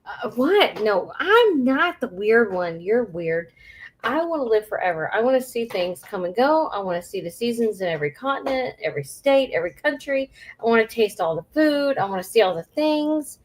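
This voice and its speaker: A woman co-hosting a casual chat, blunt, teasing and expressive. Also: on the high side, moderate pace, slight background noise. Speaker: co-host.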